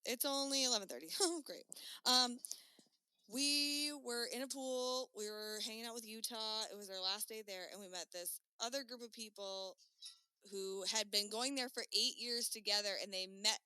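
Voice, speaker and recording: Bright, animated woman telling a story. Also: a little high, moderate pace, clear, resonant tone, no room sound. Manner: animated, laughing, swearing freely. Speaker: podcast co-host. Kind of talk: casual storytelling chat. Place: at home during lockdown.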